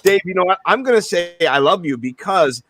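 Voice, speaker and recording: Rambling, animated male podcast co-host. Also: high-pitched, fairly quick. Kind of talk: casual sports podcast chat.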